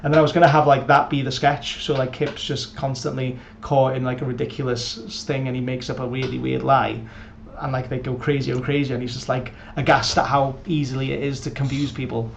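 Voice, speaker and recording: A man who co-hosts a podcast and writes its episodes chats casually and rambles, full of fillers and restarts. His medium-pitched voice is fairly quick and flat with vocal fry, and the lo-fi audio is muffled with faint background noise.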